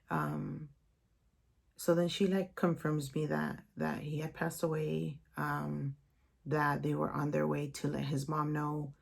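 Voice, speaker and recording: A young woman recounts a painful memory to her vlog audience, her words halting and emotional, with many "like"s and "um"s. Her voice sits low and barely rises or falls, with a gravelly fry running through it. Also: a little mellow. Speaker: vlogger. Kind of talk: personal storytime vlog.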